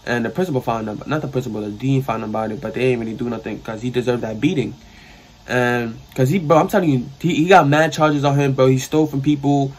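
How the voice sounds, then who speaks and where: Speaking fast at a medium pitch, a young adult with a New York accent tells a casual storytime. The vlogger sits in his sister's bedroom, rambling, using slang, and recounting the story with animation.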